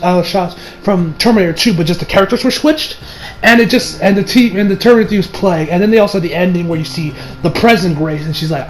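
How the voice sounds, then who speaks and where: A man casually reviewing a film on his channel, excitable and rambling, swearing freely and laughing often. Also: high-pitched, rough recording. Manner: rambling with many restarts and fillers. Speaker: movie reviewer.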